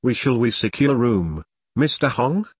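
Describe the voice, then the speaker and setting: A businesslike female courier with a Chinese accent, brisk and a little weary, put on by a male storyteller. The voice is husky and dry, with a lively pitch. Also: no echo. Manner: businesslike, loud.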